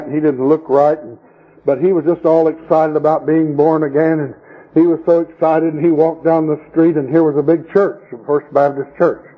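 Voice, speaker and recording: At a camp meeting, a man with a fairly high voice preaches a sermon full of folksy stories, mocking the people in them by putting on voices for quoted scenes. The sound is lo-fi.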